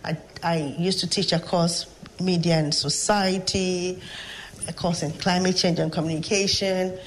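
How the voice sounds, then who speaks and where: With a lowish voice and steady tone, the Ghanaian professor tells stories and reflects thoughtfully as a guest in an interview. The recording is rough, with slight background noise.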